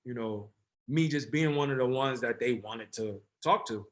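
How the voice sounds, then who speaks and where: A man in his thirties from New Jersey, a former football player telling a story as a guest in a casual, animated, slang-filled way. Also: mid-range voice, normal speed. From Essex County, New Jersey. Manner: animated, rambling with slang and self-corrections.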